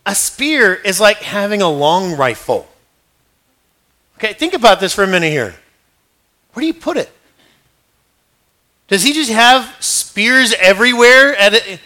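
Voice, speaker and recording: A man's voice: sits high, sing-song, measured pace, long pauses, pushed and bright. A male pastor preaching in a conversational, joking way, acting out scenes as he teaches. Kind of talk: sermon.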